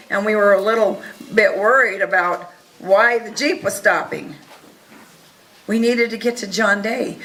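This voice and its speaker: A woman telling an audience a first-person story in an earnest, animated way, acting out the dialogue. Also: mid-range voice, poor audio. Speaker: speaker recounting events to an audience.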